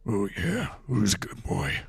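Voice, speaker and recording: A man's voice: sing-song, unhurried, vocal fry, slightly rough, no echo, heavily acted. A man doing a growly conspiracy radio ranter. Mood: growling. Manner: growly, jaw-clenched, low drawl. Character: deep ranting conspiracy radio host, male, middle-aged.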